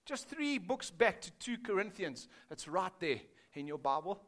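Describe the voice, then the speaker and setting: A man's voice: sits high, very animated, moderate pace, a bit bright. A man preaching a sermon as pastor, chatty and joking, speaking straight to his congregation. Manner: conversational, joking, addresses congregation directly.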